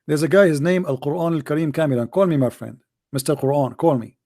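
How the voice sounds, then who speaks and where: A man's voice: a little high, fast talker, mellow. Mocking man with an Arabic accent. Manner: mocking and emphatic, broken grammar. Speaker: call-in show host. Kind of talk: polemical religious talk.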